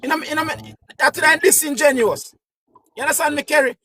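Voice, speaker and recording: A man with a Jamaican accent hosting a livestream, talking casually to his viewers in an animated, repetitive way. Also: very high-pitched, brisk, slight background noise. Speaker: livestream host.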